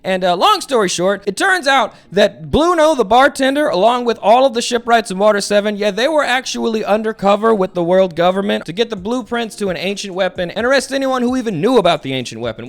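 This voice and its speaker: A young man giving casual comedic anime commentary, sarcastic and animated, swearing casually. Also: fairly high pitch.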